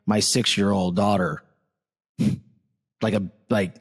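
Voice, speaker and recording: A man in his thirties, from Florida, hosting a casual interview chat, blunt and excitable, swearing freely and calling his guest "dude". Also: lowish voice, slow, slightly rough. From Southwest Florida. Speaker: podcast host.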